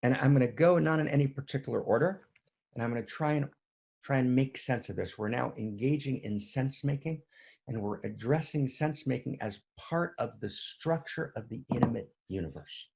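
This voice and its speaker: Man, husky voice, tired, earnest livestream spiritual talk, repetitive. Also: mid-range voice, a little mellow. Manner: earnest, repetitive, often asks "right?". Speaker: spiritual teacher.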